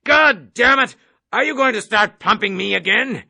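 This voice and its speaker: A man's voice: high voice, brisk, creaky, sharp tone, breathy edge, pitched above the performer's own voice, heavily acted. A man voicing a blustering, bullying army major who barks and sneers through an interrogation.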